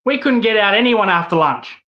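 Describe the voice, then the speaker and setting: Man, Australian accent, angry profane rant, high-pitched, slightly dull lo-fi sound. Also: expressive, fairly quick. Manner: profane, repetitive ranting. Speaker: host.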